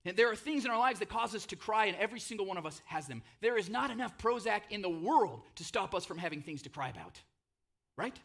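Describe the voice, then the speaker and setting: Bright-voiced preaching man in his thirties. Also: sits high, animated, fast talker, gravelly. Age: 30s. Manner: passionate, conversational preaching with frequent "right?". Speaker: pastor. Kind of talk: sermon.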